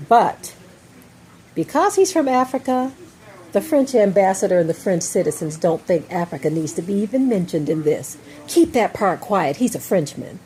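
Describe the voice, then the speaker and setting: A woman's voice: mid-range voice, big pitch swings, moderate pace, warm tone, breathy edge. An American woman giving an emphatic opinion monologue, often checking in with "okay?" and "right?". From United States. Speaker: commentator.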